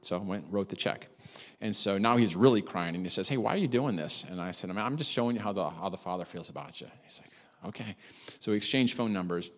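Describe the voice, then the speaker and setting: A male pastor preaching quickly in a lower voice, spinning a personal story with plenty of asides and self-deprecating jokes. His voice rings out with a long hall reverb behind it. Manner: animated, chatty, self-deprecating humor. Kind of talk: sermon with storytelling.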